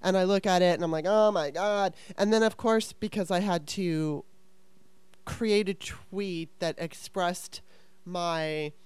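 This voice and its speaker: A woman's voice: lowish voice, slow, darkish tone, smooth, no echo. A woman hosting a podcast interview in a casual, chatty way, laughing often. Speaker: podcast host.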